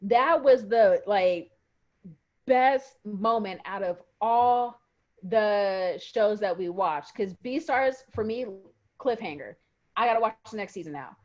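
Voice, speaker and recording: Animated woman on a lo-fi call. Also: medium pitch, slow. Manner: animated, emotional storyteller. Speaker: podcast co-host. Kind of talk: casual chat.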